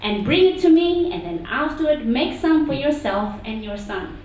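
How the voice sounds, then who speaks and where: A woman's voice: sits high, lively intonation, moderate pace, a little mellow. A woman preacher voicing an eager male prophet, lifting her voice to plead. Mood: urging. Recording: echoey hall from far off.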